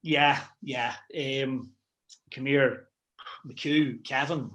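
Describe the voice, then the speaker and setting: A middle-aged football manager reminiscing in a casual interview, rambling with plenty of "you know" and restarts. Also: male voice, medium pitch, steady tone, drawn-out words, fairly bright tone.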